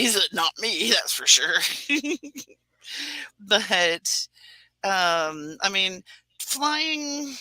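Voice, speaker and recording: Rambling, laughing podcast co-host, bright voice. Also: male voice, on the high side, no room sound, low-quality recording. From Pacific Northwest, US. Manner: rambling, self-mocking, laughs often. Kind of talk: casual chat.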